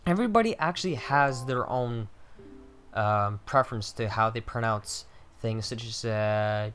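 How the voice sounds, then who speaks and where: A man's voice: lowish voice, unhurried, fairly bright tone, faint music behind. A man giving casual, chatty gameplay commentary, joking at his own expense and grumbling at enemies. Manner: chatty, self-mocking, mild cursing at enemies. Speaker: let's play gamer.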